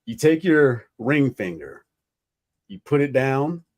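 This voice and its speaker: A man's voice: medium pitch, very animated, takes it slowly, darkish tone. A loose, profane man hosting a podcast. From United States. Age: 40s. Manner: profane, rambling, laughs often. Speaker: podcast host. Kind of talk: casual chat.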